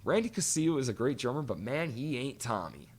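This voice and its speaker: A man's voice: medium pitch, big pitch swings, brisk. A man co-hosting a podcast, chatting casually and animatedly, cursing freely and telling stories with quoted voices. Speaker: podcast co-host. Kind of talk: casual chat.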